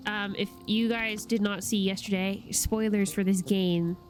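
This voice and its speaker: Excitable young woman streaming a game. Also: medium pitch, unhurried. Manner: chatty, excitable, laughs often. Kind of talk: casual gameplay chat. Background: game music.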